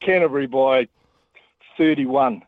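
A man's voice: medium pitch, a little slow, no echo. A man phoning in to a radio show, brash and joking about his prediction. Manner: brash and jokey, confident about his pick. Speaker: caller. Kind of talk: casual radio call-in chat. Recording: dull phone-line audio.

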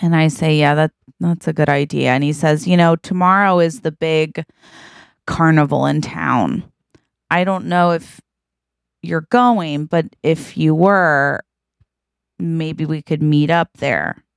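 A woman's voice: low voice, fairly even intonation, slow pace, gravelly, clean tone, dry recording, clean studio sound. A woman co-hosting a podcast, telling an improvised comic story and acting out the characters' lines. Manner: acts out characters' quoted lines. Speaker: podcast co-host.

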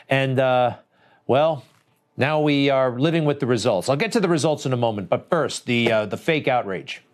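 A man hosting a commentary show, talking over clips in an indignant, sarcastic, conversational way. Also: mid-range voice.

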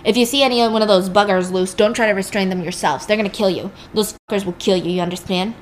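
A woman's voice: medium pitch, quick pace, a little hiss or hum, close to an everyday voice. A woman voicing a coarse male asylum guard who barks a warning in a story recap. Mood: brusque.

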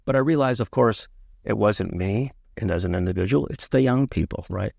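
Gravelly low-voiced man, reflective guest. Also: darkish tone, no echo, clean studio sound. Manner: thoughtful, storytelling, measured. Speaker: urologist guest. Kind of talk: conversational interview.

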